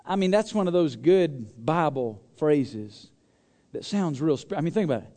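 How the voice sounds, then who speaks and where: A man preaching a sermon in a church, asking the congregation to answer aloud and swinging between loud stressed phrases and low quiet asides. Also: animated, moderate pace, long reverb tail. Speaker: pastor.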